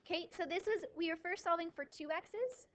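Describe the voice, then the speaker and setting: A woman teaching a math class, lively, asking questions and answering them herself, with a touch of dry sarcasm. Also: very high-pitched, fairly quick, slight background noise. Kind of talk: classroom lecture.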